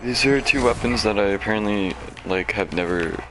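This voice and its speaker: A man's voice: fairly low pitch, normal speed, noisy background. A man streaming a video game, chatting casually and telling a rambling, self-deprecating story while he plays. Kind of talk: casual gameplay commentary and storytelling.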